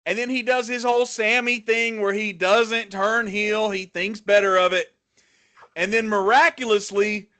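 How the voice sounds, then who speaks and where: A man with a high, bright voice co-hosts a casual podcast chat. He talks emphatically and is quick to give his opinion. He likes to float his own ideas. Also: fairly even intonation. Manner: emphatic and opinionated, speculating freely. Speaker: podcast co-host.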